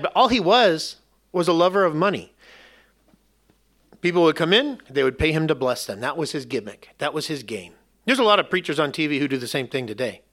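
A man's voice: a little high, fairly bright tone. A male pastor preaching a sermon in an emphatic, conversational way, with some joking.

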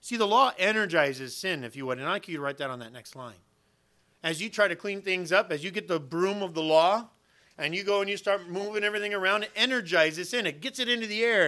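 Male pastor, bright and forceful delivery, animated sermon teaching. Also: high voice. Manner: animated preaching with everyday illustrations and acted-out quotes.

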